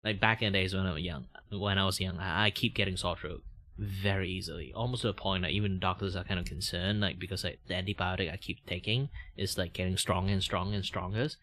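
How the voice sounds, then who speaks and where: A man's voice: sits low, steady tone, fast talker, a bit bright. A man with a Malaysian English accent, chatting casually on a livestream while drawing, rambling with lots of filler words and casual swearing.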